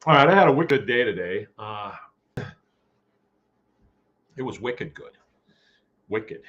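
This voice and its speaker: A man's voice: medium pitch, lively intonation, takes it slowly, a bit bright, lo-fi sound. A man hosting a casual farming live chat from his farm, folksy and rambling as he greets viewers by name. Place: home farm.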